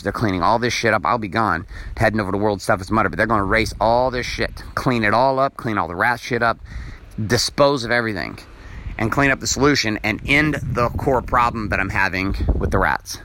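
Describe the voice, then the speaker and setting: A man's voice: on the low side, pushed and bright, slight background noise. A man hosting a motivational podcast, talking bluntly and emphatically with plenty of swearing. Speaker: podcast host. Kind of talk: motivational monologue.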